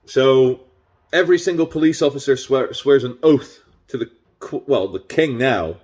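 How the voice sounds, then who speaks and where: A man's voice: mid-range voice, normal speed, a little mellow. Sarcastic, rambling man vlogging. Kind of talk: casual monologue.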